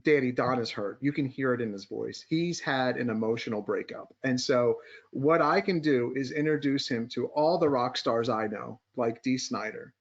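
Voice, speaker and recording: At a normal speed and medium pitch, this male podcast co-host and market strategist banters, then explains stock charts one step at a time with frequent restarts. The audio is muffled and lo-fi.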